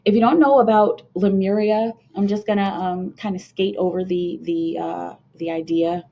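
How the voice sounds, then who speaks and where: A woman's voice: mid-range voice, fairly even intonation, moderate pace, creaky, dark tone. A young woman from the United States giving a casual spiritual talk to her viewers, earnest and rambling, with many fillers and restarts. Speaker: spiritual card reader hosting a channel. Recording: dull lo-fi home video sound.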